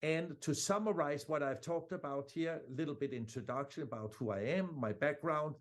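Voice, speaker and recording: A man's voice: on the high side, normal speed. A man who speaks as a gives an online sales training talk. He coaches his listeners directly and with energy. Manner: energetic, coaching, uses "amigos". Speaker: conference speaker.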